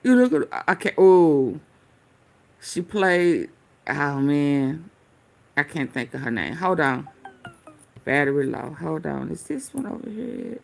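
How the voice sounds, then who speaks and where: Rambling to her audience and swearing as she digs for reaction clips, this commentary host has a deep, gravelly voice. She talks slowly in a sing-song way, leaving long pauses.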